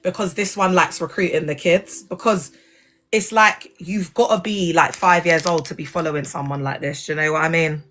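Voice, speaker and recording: Animated woman livestreaming. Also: low-pitched, normal speed. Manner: animated and slangy, addressing viewers directly. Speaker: livestream host, former church member. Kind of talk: casual livestream commentary.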